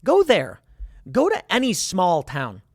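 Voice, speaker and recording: A man hosting a political commentary show, arguing his points in an animated, sarcastic way. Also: sits high, takes it slowly, no echo, studio quality. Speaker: host.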